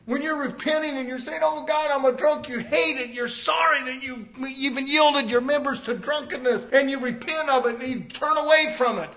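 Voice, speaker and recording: A man preaching a sermon to his congregation, impassioned, swinging from loud cries to hushed passages and acting out sinners' pleas. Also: very high voice. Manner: impassioned, rising and falling in volume, acts out sinners' cries.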